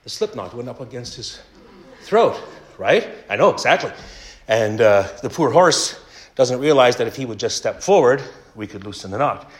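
A man's voice: medium pitch, sing-song, moderate pace. A Canadian man telling a funny story in a casual sermon, with self-mocking humor. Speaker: preacher.

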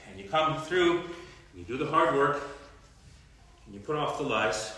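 A man preaching a sermon in an earnest, emphatic way, often dropping quieter as he voices inner thoughts. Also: on the high side, expressive, moderate pace, long pauses, a little hiss or hum.

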